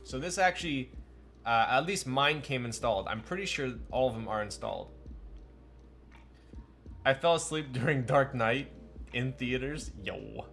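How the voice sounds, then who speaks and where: A man's voice: medium pitch, lively intonation, moderate pace, long pauses, fairly bright tone. A young man streaming live, chatting casually and joking at his own expense while building a keyboard and answering his chat. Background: faint music.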